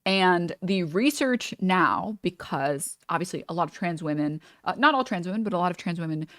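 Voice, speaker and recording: A woman streamer with a lowish, expressive, fairly bright voice chats casually at normal speed while reacting to a video on a live stream. She rambles with lots of fillers and restarts, captured in a dry, clean studio recording.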